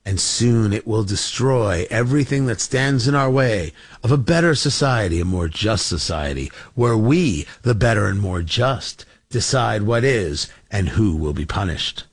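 A sinister male revolutionary leader gloats over his plans in a slow, menacing voice, sunk far below a normal speaking range, as a man puts him on. He sounds swooping and theatrical, savoring every word like a storybook villain. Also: fairly low pitch, animated, breathy edge, no room sound, clean studio sound, pitched below the performer's own voice, heavily acted. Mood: gloating.

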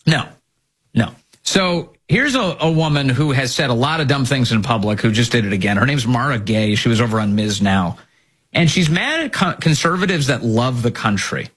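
A man's voice: mid-range voice, animated, normal speed, fairly bright tone, breathy edge. A male host delivering opinionated commentary, indignant and firing off rhetorical questions.

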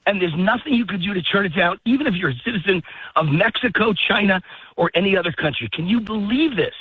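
A man's voice: sits high, lively intonation, fast talker, husky, dry recording. Breathless man ranting over a phone line. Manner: heated, ranting. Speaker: phone-in guest. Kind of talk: political talk radio interview. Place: outdoors, walking a dog in a park.

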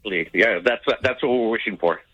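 A man from the San Antonio area calling in to a radio show, talking in a halting way with restarts. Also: on the low side, a bit bright, dull audio. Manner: halting, repeats himself. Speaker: caller. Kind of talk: casual call-in chat.

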